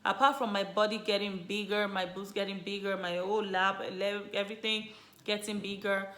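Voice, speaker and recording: A woman vlogger casually telling viewers her story, chatty and animated, full of "you know" and "like". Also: medium pitch, fairly quick. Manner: animated, lively retelling. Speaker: vlogger, mother sharing her birth story. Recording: roomy echo.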